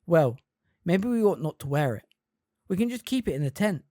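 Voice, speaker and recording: A fan reader voicing a brisk, bossy teenage girl witch who is impatient and anxious. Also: mid-range voice, big pitch swings, mellow, no room sound, clean studio sound, pitched above the performer's own voice.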